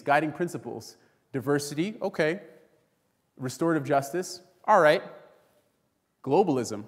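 A man preaching a sermon to a congregation, telling a story and acting out the voices of the people in it. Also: on the high side. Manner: storytelling, acts out quoted voices, addresses congregation as friends. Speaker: pastor. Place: church sanctuary. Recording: long reverb in a church hall.

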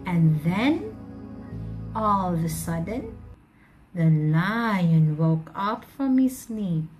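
A woman teacher reading a story aloud to children, asking them questions in a coaxing, animated way. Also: fairly low pitch, extremely slow, faint music behind.

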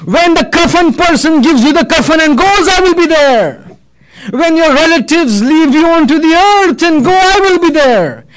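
A man's voice: very high voice, normal speed, pitched above the performer's own voice, poor audio. A man voicing good deeds personified as a loyal companion, reassuring and solemn. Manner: reassuring, solemn, steady promises.

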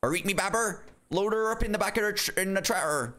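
Man putting on a high broad West Country farmer. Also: animated, fast, pushed and bright. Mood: hearty. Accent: West Country English.

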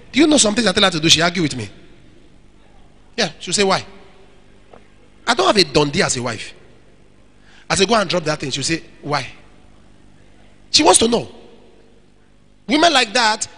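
Lively, high-voiced man preaching. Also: slightly rough. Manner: lively, emphatic, acts out quoted dialogue. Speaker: pastor. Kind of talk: sermon with audience Q&A. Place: church hall.

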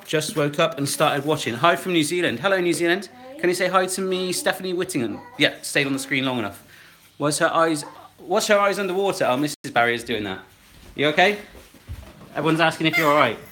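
In his home kitchen, a man in his thirties hosts a casual live cooking demo, chatting away and reading viewer comments aloud while he cooks. His fairly high voice is bright and pushed, with lively intonation and a slightly fast pace.

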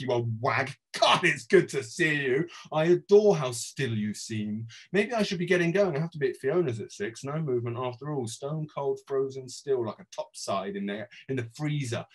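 An English author giving a theatrical reading of his own prose, swinging between loud outbursts and quiet murmurs. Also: medium pitch. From England.

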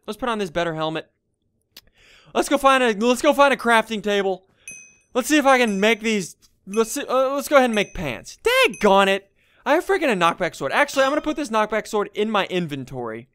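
A young man doing casual gameplay commentary as a gaming YouTuber, muttering to himself and then bursting into excited yells. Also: sits high, fast, clean tone. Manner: excitable, swings from muttering to yelling.

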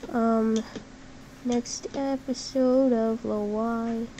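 A woman talks her way through a computer game in an unhurried, drawn-out way, her voice sitting a little high. She is chatty and excitable, leans on "like" constantly and breaks into sudden shouts. Faint keyboard typing sits underneath. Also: a little hiss or hum, low-quality recording. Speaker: gameplay commentator. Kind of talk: casual game commentary. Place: at a computer while gaming.

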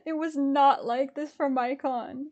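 A woman vlogging live as she tries to buy concert tickets, anxious and excitable, swinging from shrieks to mutters. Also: sits high, a little slow, highs cut off. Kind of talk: live reaction vlog.

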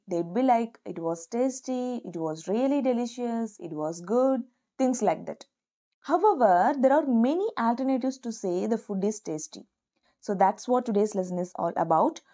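An upbeat woman hosts an online lesson, her voice a touch higher than most women's. Her tone is mellow and soft-edged, and she slows down carefully to model each phrase for learners to repeat. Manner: upbeat, slow and deliberate on example phrases. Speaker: English teacher.

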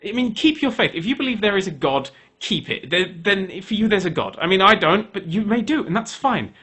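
A man ranting his opinions to camera in a heated, animated way. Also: sits high, brisk, husky. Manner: animated, heated, switching into voices for quoted people. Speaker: video maker.

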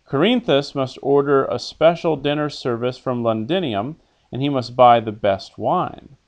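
A man with a medium-pitched voice teaches beginner Latin a little slowly. He reads out phrases for a student to echo, translates them, and patiently poses questions that he then answers himself.

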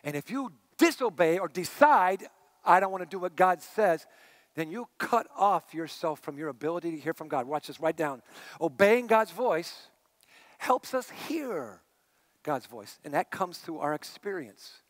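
Male pastor, middle-aged, high voice, conversational sermon, hushed to emphatic. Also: animated, unhurried, no room sound. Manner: conversational preaching, swinging between hushed and emphatic.

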